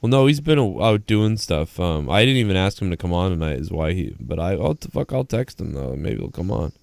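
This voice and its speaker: A man's voice: sits low, very animated, brisk, gravelly, darkish tone, dry recording. A young adult man chatting crudely on a live show, tired and drunk, rambling and swearing with lots of laughs. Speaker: podcast co-host. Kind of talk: crude casual banter.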